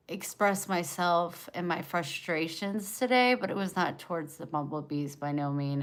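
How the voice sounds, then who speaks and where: A woman on a livestream from home, speaking in a lowish voice at an unhurried pace. She vents raw and emotional, pausing to answer viewers by name. Her delivery is casual and direct. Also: a bit bright, clean tone.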